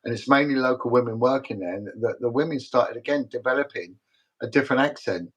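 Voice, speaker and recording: Middle-aged British man, retired detective guest; emphatic, repetitive storyteller with a mid-range pitch. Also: brisk, a bit bright, breathy edge, low-quality recording. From Britain. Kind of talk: casual livestream interview talk.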